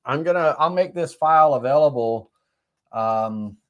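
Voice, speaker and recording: Middle-aged man, slight cold, live stream woodworking tutorial, rambling, lots of ums, mid pitch. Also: animated, unhurried, a bit bright, dull audio. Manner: rambling, filler-heavy, self-correcting. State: has a cold, occasional coughs.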